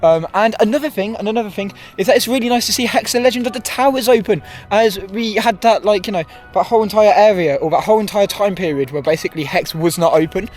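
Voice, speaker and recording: A young Englishman with a high, light voice rants in exasperation as he walks a frosty theme park, recording on a handheld camera. He rambles and corrects himself, and soft park music plays faintly behind him. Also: fast, hardly any pauses. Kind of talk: walking vlog commentary. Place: outdoors at a wintry theme park.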